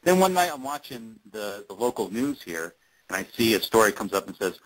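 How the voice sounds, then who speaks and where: A man's voice: fairly low pitch, expressive, a little fast, low-quality recording. A man being interviewed, telling a long story casually with many fillers and restarts. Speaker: interview guest, fan-series actor.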